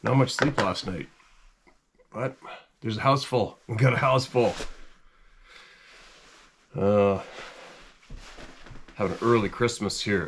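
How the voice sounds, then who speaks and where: A middle-aged Canadian man with a stuffy head cold, chatting casually to camera in a rambling, animated way. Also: low voice, a little hiss or hum. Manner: rambling and animated, chuckles often, voice jumps up when quoting himself. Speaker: hunting channel host.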